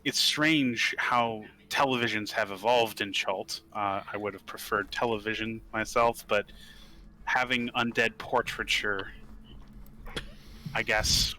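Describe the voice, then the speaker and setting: Bright-voiced man riffing jokes. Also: lowish voice, poor audio. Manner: rambling, jokey riffing. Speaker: tabletop game player. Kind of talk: casual tabletop game chat.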